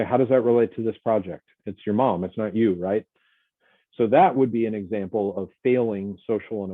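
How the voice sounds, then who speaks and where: A man, a college instructor, giving a relaxed, conversational recorded lecture and acting out little example dialogues. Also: mid-range voice, no echo. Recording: tinny, phone-like dry recording.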